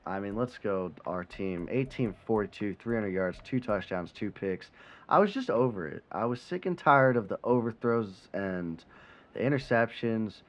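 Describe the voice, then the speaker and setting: Animated young man commenting on gameplay. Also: lowish voice, moderate pace. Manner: animated, swears, swings from frustration to excitement. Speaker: gaming commentator. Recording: slightly dull sound, faint background noise.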